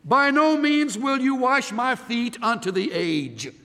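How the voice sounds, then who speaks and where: A man's voice: very high-pitched, animated, takes it slowly, bright, forceful tone, voice pushed up, full character voice. A man voicing the apostle Peter as a proud, impulsive man who protests emphatically, acted out in the middle of a sermon. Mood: emphatic. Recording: reverberant hall.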